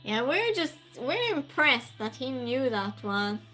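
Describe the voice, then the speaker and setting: A woman's voice: sits high, big pitch swings, slow pace, sharp tone, faint music behind, rough recording. A woman hosting a trivia game on a live stream, chatting casually and reading out and answering viewers' messages. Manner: chatty, reads chat aloud and answers viewers.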